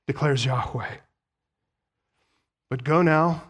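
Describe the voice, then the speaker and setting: A man's voice: on the high side, normal speed. A man delivering an expository sermon as pastor, earnest and emphatic, reading scripture with rising force.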